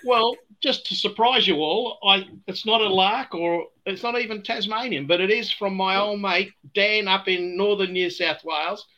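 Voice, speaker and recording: An Australian man with a fairly high, bright and forceful voice spins easygoing yarns. He talks in a relaxed, rambling way, with a dry chuckle, as he chats from a remote call on a casual podcast. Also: moderate pace, hardly any pauses, lo-fi sound. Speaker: guest distiller.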